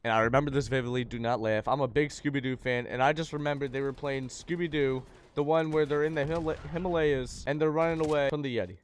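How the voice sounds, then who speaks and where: A man's voice: medium pitch, fairly even intonation, quick pace, few pauses, slight background noise. A young man telling a personal story in a laid-back, slangy way, swearing freely. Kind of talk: casual story time.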